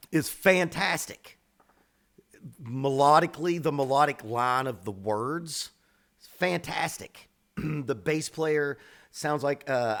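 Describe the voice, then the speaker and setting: A middle-aged man reacting to songs as a drum teacher, in a blunt, opinionated, casual voice of medium pitch. He swears freely and leans hard on words he cares about, breaking into sudden bursts of emphasis. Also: fairly bright tone.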